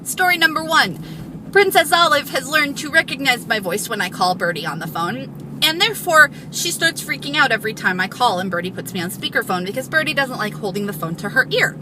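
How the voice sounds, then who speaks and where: A young adult woman telling quick stories in a casual, self-deprecating vlog, filmed on a phone camera. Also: sits high, lively intonation, noisy background. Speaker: vlogger.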